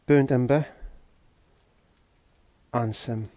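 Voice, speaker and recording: Here a Welsh painting tutor talks with a medium-pitched, dark voice in a steady tone, extremely slowly and with no room sound. The setting is a garden shed, where he gives an easygoing painting tutorial, chatty and jokey, talking to himself as he goes.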